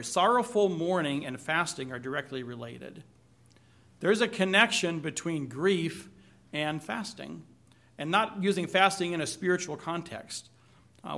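A man's voice: a little high, sharp tone. A man preaching a sermon, reading scripture aloud and asking the congregation questions with light humor. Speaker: pastor.

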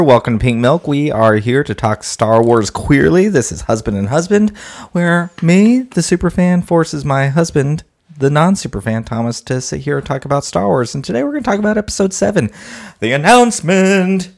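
A man hosting a relaxed podcast chat. His pitch swings widely as he talks. He sounds playful and teasing. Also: normal speed, creaky. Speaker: podcast host. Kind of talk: casual chat.

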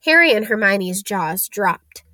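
A woman narrating a children's storybook in a steady, expressive read. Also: medium pitch, a little slow, no echo. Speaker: audiobook narrator.

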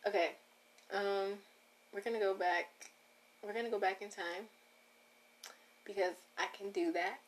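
A woman's voice: medium pitch, fairly even intonation, a little slow, pauses often. A woman hosting a casual solo podcast, rambling and breaking off her own sentences as she talks straight to her listeners. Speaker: podcast host.

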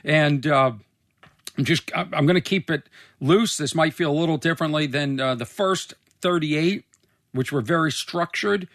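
With a somewhat high, slightly bright voice at normal speed, a man rambles through a casual monologue on his own comedy podcast. Recorded in a studio with clean sound and no echo, he swears freely and pokes fun at himself.

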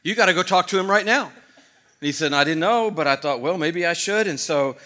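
A man's voice: a little high, brisk, sharp tone, voice pushed up. A man acting out an eager stranger who is sure the Spirit sent him back to talk.

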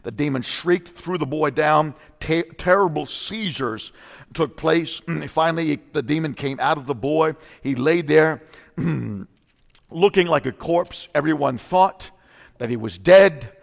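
A male preacher delivering a fervent sermon, swinging from loud outbursts to low, intense teaching, often clearing his throat. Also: takes it slowly. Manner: frequent throat clearing and repeated "come on now". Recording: long reverb of a large hall.

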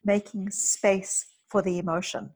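Husky-voiced woman psychologist telling stories. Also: medium pitch, level tone, a little slow, a little mellow, poor audio. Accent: South African. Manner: storytelling, earnest and emphatic. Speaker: psychologist guest. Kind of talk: podcast conversation.

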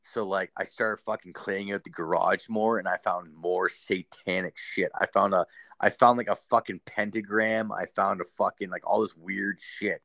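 A man's voice: sits low, fairly even intonation, moderate pace, a bit bright, dry recording. A young man hosting a podcast, telling a story in a loose, rambling way, swearing constantly and leaning on fillers. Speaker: podcast host. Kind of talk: casual storytelling.

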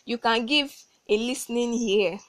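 A woman's voice: on the high side, unhurried, no echo. A young woman hosting a solo advice podcast, talking emphatically and repeating words for stress. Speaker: podcast host.

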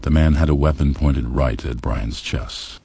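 A man reading a novel aloud in a steady, even storytelling manner. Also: rumbling low, a little slow, husky, no echo. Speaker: audiobook narrator. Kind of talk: scripted audiobook narration.

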